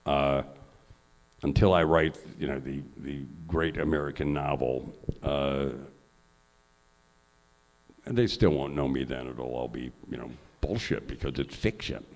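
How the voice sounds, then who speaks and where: An older man, a journalist and honored guest, telling lively, profane anecdotes on stage at an event. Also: very deep voice, unhurried, pauses often. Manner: lively raconteur, salty language. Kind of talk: live anecdotal storytelling on stage. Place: event hall before an audience.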